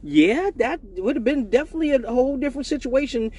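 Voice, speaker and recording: Male livestream host, high voice, casual and profane storytelling, laughs a lot, repeats himself. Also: lively intonation, fast, darkish tone. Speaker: exotic dancer hosting a weekly live show.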